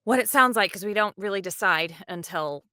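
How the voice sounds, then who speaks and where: Animated dub director, bright voice. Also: female voice, medium pitch, a little fast, no echo, clean studio sound. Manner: animated, acts out quotes. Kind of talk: interview, behind-the-scenes talk.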